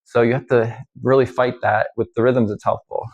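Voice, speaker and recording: A man giving a casual violin lesson, talking in a halting way with many fillers and restarts. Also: mid-range voice, little pitch movement, faint music behind. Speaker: violin teacher. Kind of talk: casual instructional talk.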